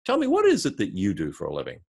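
A man's voice: on the low side, huge pitch swings, fast, darkish tone, breathy edge, full character voice. A man voicing a frustrated woman restaurant owner at a dinner party, complaining in a tired, exasperated way.

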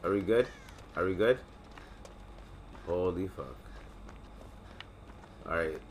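A young man hosting casual gameplay commentary, excitable and joking with plenty of swearing. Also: low voice, slow pace, a little hiss or hum. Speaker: gaming channel host.

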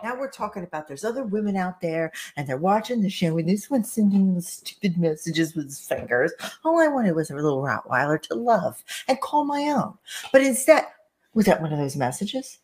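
A woman co-hosting a podcast, scolding her husband in loud, theatrical mock outrage. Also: on the low side, big pitch swings, brisk. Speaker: podcast co-host. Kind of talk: comic married-couple banter.

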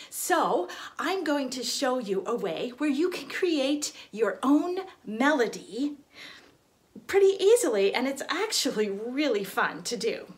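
A woman violin teacher explaining in a studio, gentle and encouraging, with small restarts as she talks. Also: a little high. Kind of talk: friendly instructional explanation. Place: recording studio.

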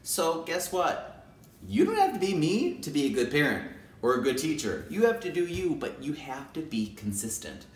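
A male kindergarten teacher talking straight to camera in a casual, animated way, repeating his points for emphasis. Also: on the high side, moderate pace. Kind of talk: casual direct-to-camera talk. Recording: roomy echo.

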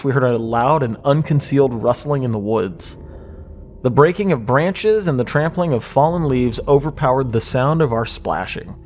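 A man narrating a horror story in a measured, suspenseful way. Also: medium pitch. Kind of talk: scripted creepypasta narration.

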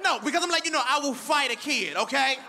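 A male comedian doing stand-up on a club stage, telling an exasperated story with sudden loud outbursts into a handheld mic. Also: extremely high pitch, expressive, quick pace, in a large hall, noisy background.

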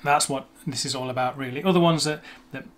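A young man hosting a language video, talking casually and self-deprecatingly, slowing down to demonstrate words. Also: mid-range voice, a bit bright. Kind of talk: casual explanatory talk on pronunciation.

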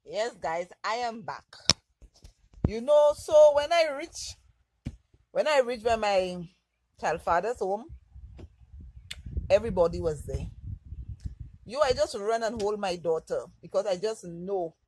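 A woman's voice: mid-range voice, animated, a little slow, pauses often, darkish tone, slight background noise, low-quality recording. A woman from Lucia, telling a candid, emotional story for her vlog. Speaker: vlogger.

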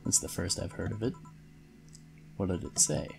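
A blunt woman who runs the bar speaks fondly of old times in a game's story, read by a man in his own voice. The voice is low and gravelly with fry. Faint music plays underneath. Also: normal speed, a little mellow. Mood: amused.

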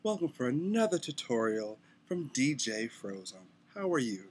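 A man's voice: mid-range voice, very animated, normal speed, a little hiss or hum. A young man making a casual beatbox tutorial, talking loosely and stumbling over words. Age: young adult.

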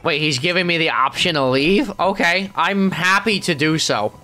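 A man with a fairly high voice speaks at an ordinary pace as a let's play gamer doing character commentary. He plays a grumpy, tired middle-aged male squid, offering sarcastic, grumbling remarks and deadpan asides as he games.

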